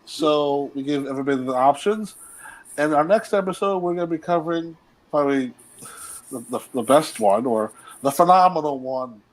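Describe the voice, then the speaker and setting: A man's voice: fairly high pitch, moderate pace, low-quality recording. A man hosting a wrestling podcast, talking with enthusiasm and rambling through restarts. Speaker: podcast host. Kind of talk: casual chat.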